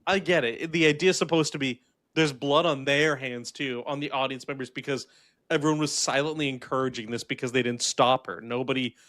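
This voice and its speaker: A man's voice: medium pitch, brisk. A man co-hosting a casual podcast chat, talking animatedly with lots of "like" and frequent laughter. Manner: animated, laughs often, filler-heavy. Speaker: podcast co-host reviewing a film.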